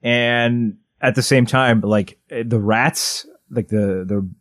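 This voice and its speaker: A man in his thirties, co-hosting a podcast in casual chat, rambling excitedly with lots of "like" and restarts. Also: mid-range voice, slow, no room sound. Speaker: podcast co-host.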